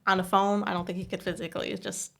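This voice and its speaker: Thirties woman, podcast co-host, gravelly, mid-pitched, tells stories with energy. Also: quick pace. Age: 30s. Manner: animated storyteller, acts out voices in quotes. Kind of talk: casual chat.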